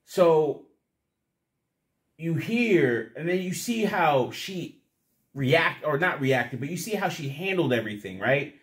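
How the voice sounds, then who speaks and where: A man's voice: a little high, animated, slow. A young man rambling casually to the camera, crude and profane, often laughing at his own stories. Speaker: vlogger.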